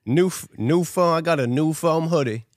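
A man's voice: a little high, no room sound, clean studio sound. A man co-hosting a casual podcast chat, laughing often and stretching words out oddly as he plays a word game. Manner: giggly, drawls words out slowly and oddly. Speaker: podcast co-host.

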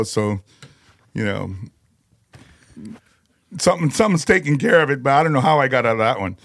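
A man's voice: mid-range voice, unhurried, gravelly, long pauses, no echo, clean studio sound. A man, a guest on a podcast, telling loose, rambling stories full of "you know" and "like" in casual conversation. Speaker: guest musician.

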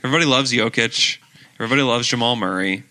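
A man's voice: mid-range voice, rapid-fire, bright, forceful tone. A man hosting a podcast in casual sports chat, rambling and laughing often. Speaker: podcast host.

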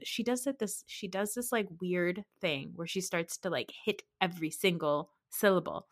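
A woman with a slightly low-pitched voice hosts a casual podcast. She recaps reality TV with sarcastic, opinionated commentary and animated storytelling. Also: brisk, few pauses. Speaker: podcast host.

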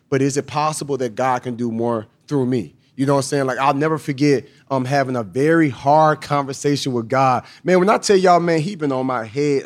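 A man in his thirties telling a personal faith story on a live panel, slangy and animated, acting out the people he quotes. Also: medium pitch. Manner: animated, slangy, acts out voices in his stories. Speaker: guest on a live podcast panel. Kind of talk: testimony-style storytelling with quoted dialogue.

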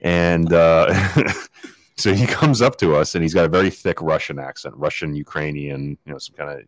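A man co-hosting a podcast, telling stories in a rambling, animated way. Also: very deep voice, moderate pace, dry recording. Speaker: podcast co-host. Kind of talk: casual storytelling chat.

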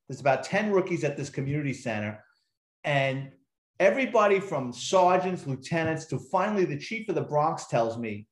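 A middle-aged man, a retired police detective, tells story after story in a relaxed, chatty way. He acts out the other people's lines as he goes and swears casually. His voice sits a little high, and the room around him rings with echo. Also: moderate pace. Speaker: interview guest, retired police detective and author. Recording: roomy echo.

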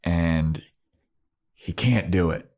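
A man's voice: low voice, drawn-out words. A man co-hosting a podcast, recapping an episode in casual chat and playfully acting out the characters' lines. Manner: animated storytelling, acts out characters' lines in funny voices. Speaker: podcast co-host.

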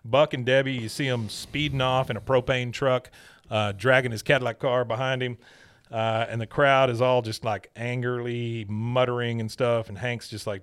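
A man's voice: mid-range voice, fairly even intonation, moderate pace, fairly bright tone, clean tone. A man hosting a podcast, recapping a cartoon episode in an easygoing, chatty way. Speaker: podcast host.

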